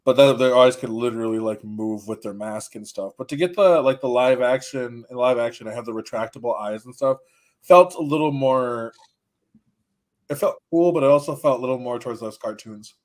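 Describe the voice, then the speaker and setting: A man co-hosting a casual video chat, joking and animated, often acting out quotes. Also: mid-range voice, fairly quick. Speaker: co-host of a ranking video.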